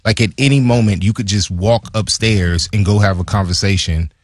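Low, husky man, casual guest storyteller, animated, dry close sound. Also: normal speed, dry recording. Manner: animated, acts out quoted dialogue. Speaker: former pro football player, guest.

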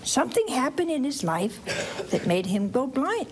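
Woman preacher, higher voice, very expressive pitch, asks the crowd questions, whispers asides, faint hum of room behind. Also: moderate pace. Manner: animated, quizzing the audience with questions. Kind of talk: sermon to children and families.

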